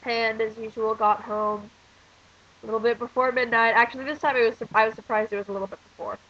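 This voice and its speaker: Coughing and congested, an American teenage exchange student rambles and rants in a casual vlog, using a lot of fillers while she's sick. She talks quickly in a fairly high voice with a steady tone. The lo-fi recording sounds dull.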